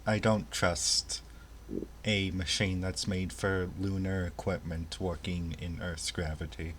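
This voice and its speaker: Guy with a lowish voice rambling thru a tabletop game, bit of hiss behind. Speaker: tabletop player. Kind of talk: casual in-character game chat.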